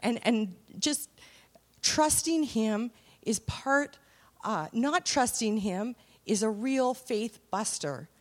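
A woman preaching a sermon in a conversational way, mixing scripture with family anecdotes and rising to emphatic peaks. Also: a little high.

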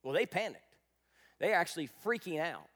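A man preaching a sermon as pastor, swinging between dramatic loud bursts and quiet, intense passages. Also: a little high, big pitch swings, moderate pace.

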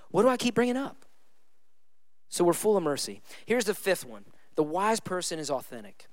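A high-pitched male pastor delivers a sermon in a casual, conversational way, hammering points home by repeating them. His voice is smooth and resonant, recorded close and dry with no room sound. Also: dry recording. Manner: conversational preaching with emphatic repeated phrases.

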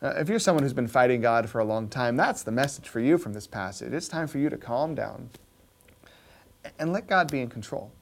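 A pastor giving a conversational sermon, often checking in with his listeners and dropping quiet and slow on key points. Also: medium pitch, lively intonation, vocal fry. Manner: keeps asking "right?" to the listeners; drops soft and slow on key points, rises sharply when stirred.

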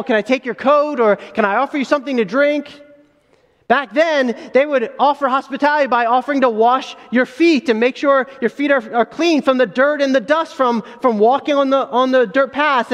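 A man's voice: very high-pitched, in a large hall, dull audio. A man preaching a sermon as a pastor, earnest, with rising emphasis and frequent restarts.

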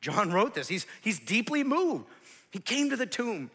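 A man in his forties preaching a sermon, swinging from loud shouts to near whispers, with joking asides to the congregation. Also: sits high, very animated, unhurried, breathy edge, big-room sound. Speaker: pastor.

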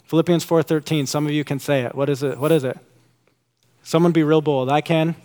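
A male pastor in his thirties preaches with a voice pitched a bit above most men's. He is animated, and his voice climbs high and excited when he acts out the people he quotes. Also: brisk. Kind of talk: sermon.

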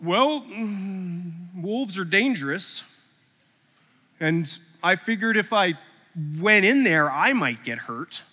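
A man's voice: high-pitched, animated, takes it slowly, sharp tone, full character voice. A man playing a blunt, self-serving ten-year-old shepherd boy in a preaching story. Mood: matter-of-fact. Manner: blunt and offhand. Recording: echoey hall.

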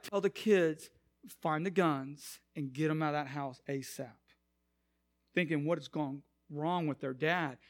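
Young male pastor, high voice, storytelling sermon that swells into emphatic preaching. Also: a bit bright. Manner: conversational, acts out quotes, rises to emphatic preaching.

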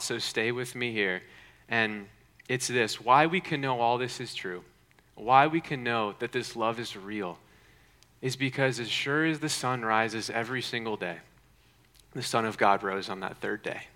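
Earnest preacher in a reverberant hall. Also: male voice, lowish voice. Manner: earnest preaching, rhetorical questions, soft dramatic pauses. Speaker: pastor. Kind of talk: sermon.

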